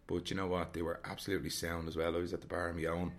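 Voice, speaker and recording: Rapid-fire and flat in delivery, a low-voiced man from Dublin vlogs about solo travel in his Dublin Irish accent. He's frank and reflective, rambling and circling back to the same phrases.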